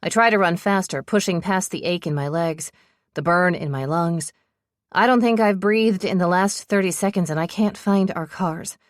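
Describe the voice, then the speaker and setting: A woman's voice: on the low side, moderate pace, no echo, clean studio sound. A woman narrating a romance audiobook in first person, telling the story with breathless urgency.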